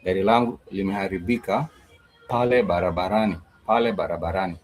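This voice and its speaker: A man teaching a language lesson in a slow, repetitive way, with many fillers and pauses. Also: sits low, fairly even intonation, soft background music, low-quality recording. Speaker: Swahili teacher.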